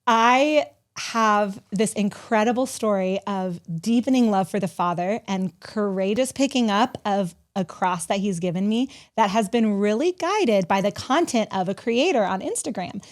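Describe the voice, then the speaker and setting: A woman's voice: medium pitch, animated, normal speed. A young woman hosting a podcast, effusive and emotional as she talks in gushing bursts. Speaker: podcast host. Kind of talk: casual podcast conversation.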